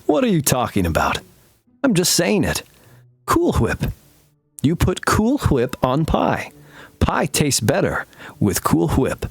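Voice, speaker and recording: A scheming cartoon baby boy, put on by a man, leaning hard on his words with a slow, lively, swooping delivery. He keeps pressing the point with sly insistence. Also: a little high, creaky, slightly rough, dry recording, exaggerated voice. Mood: insistent.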